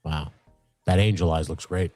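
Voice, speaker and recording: Speaking at a moderate pace with no echo, a middle-aged man co-hosts a casual, profane live stream from a home workshop. Faint music drifts through the dry room as he rambles animatedly, laughs often, and imitates high voices when telling stories.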